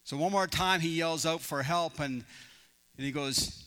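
A man's voice: fairly high pitch, normal speed, pushed and bright. A male pastor preaching a sermon in an earnest storytelling manner, often restarting his phrases. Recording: long reverb in a large hall.

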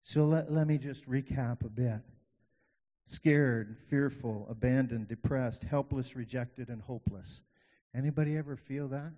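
Emphatic preacher in an echoing hall. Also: male voice, medium pitch, a little slow. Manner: emphatic, repetitive preaching that swings from loud to hushed; folksy asides to the congregation. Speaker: pastor. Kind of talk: sermon.

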